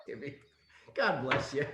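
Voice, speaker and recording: A man hosting a casual online game as cruise host, reacting to his guests' jokes with laughing teases. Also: mid-range voice. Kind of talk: hosting a casual game over a video call. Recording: echoey room with background noise.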